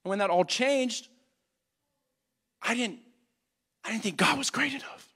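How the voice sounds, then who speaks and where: A young man teaching an adult church class, earnestly swinging between loud urging and hushed reflection. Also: high voice, unhurried, breathy edge. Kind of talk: sermon.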